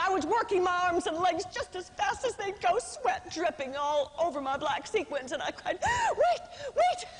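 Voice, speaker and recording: A woman giving a speech to a live audience, telling a dramatic story with acted-out voices. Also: sits high. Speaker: motivational speaker. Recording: reverberant hall.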